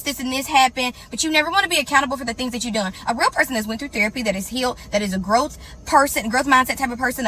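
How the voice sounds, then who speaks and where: A woman's voice: high-pitched, sharp tone, a little hiss or hum, low-quality recording. A woman lecturing viewers in a scolding, preachy way. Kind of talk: lecturing to camera.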